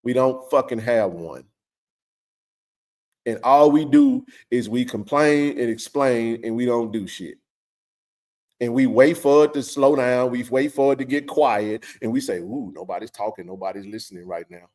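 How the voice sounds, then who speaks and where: A man's voice: medium pitch, measured pace, a little mellow. A middle-aged man hosting a live sports stream, talking with passionate, blunt, emphatic energy and plenty of slang.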